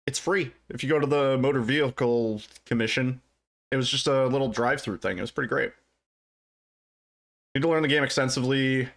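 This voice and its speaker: A man, streaming from his desk at home and chatting with his viewers in a relaxed way. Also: mid-range voice, a little fast. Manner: laid-back, chuckling, greets chat by name. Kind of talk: casual livestream chat with viewers.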